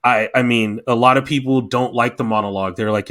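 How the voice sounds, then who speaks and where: A man's voice: mid-range voice, a little fast. A man in casual chat on a podcast, talking with passion and getting emotional as he reviews a show. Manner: impassioned, animated. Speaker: podcast guest.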